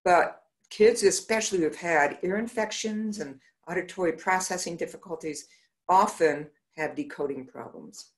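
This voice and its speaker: A woman's voice: on the low side, normal speed. A middle-aged woman optometrist giving a conference talk, telling patient stories and acting out the dialogue. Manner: animated, acts out patients' dialogue.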